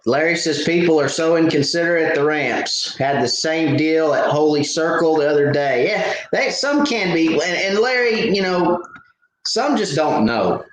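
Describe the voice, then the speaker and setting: A man's higher voice moves at normal speed with few pauses as he hosts a live fishing Q&A stream. He's a rambling storyteller, casual and full of fillers and restarts, and the room sounds very echoey.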